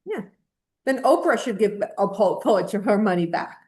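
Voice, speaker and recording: A woman's voice: mid-range voice, expressive, moderate pace, darkish tone. A woman co-hosting a casual opinion chat, talking in a blunt, emphatic, indignant way. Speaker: podcast co-host.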